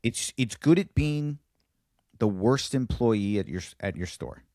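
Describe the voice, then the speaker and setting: A man's voice: unhurried, no room sound, clean studio sound. A man co-hosting a podcast, casually telling a stand-up bit and acting out the dialogue with big jumps in his voice. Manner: animated storyteller, acts out dialogue with big pitch jumps. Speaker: podcast co-host, comedian.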